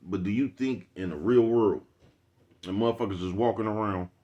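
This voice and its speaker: A man's voice: fairly low pitch, moderate pace, dark tone, lo-fi sound. A man with an African American Vernacular English accent, talking in a loose, slangy, preachy monologue to his viewers. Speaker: vlogger. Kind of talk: casual street monologue.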